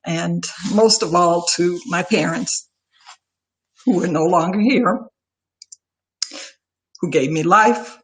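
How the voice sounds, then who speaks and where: An older woman, close to tears, giving a heartfelt farewell speech of thanks as an outgoing organization leader over a video call. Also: fairly low pitch. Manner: heartfelt, emotional, lists names warmly.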